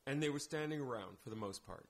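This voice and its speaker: A man in an easygoing podcast conversation, recounting stories from directing plays. He acts out the quoted dialogue with lively energy, and his pitch sits in an ordinary middle range. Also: fast talker. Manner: animated anecdotes, acts out quoted lines. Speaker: guest, theater director. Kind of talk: casual podcast chat, storytelling.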